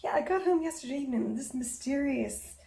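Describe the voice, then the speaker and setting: Gravelly-voiced woman, chatty vlogger. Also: sits high, lively intonation, dark tone, roomy sound, a little hiss or hum. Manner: chatty and unhurried, with many ums. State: slightly out of breath from physical work. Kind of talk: casual chat to camera while working. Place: outdoors in a garden.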